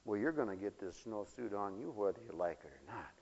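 A man preaching a sermon in a folksy storytelling way, dropping to low mutters and rising to loud high exclamations. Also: lively intonation, brisk, slightly rough. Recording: dull lo-fi broadcast with long hall reverb.

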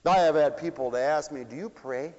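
A male preacher delivering an impassioned sermon, swinging between shouted appeals and quiet asides. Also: a little high, a little fast. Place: church. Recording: dull recording in a reverberant church.

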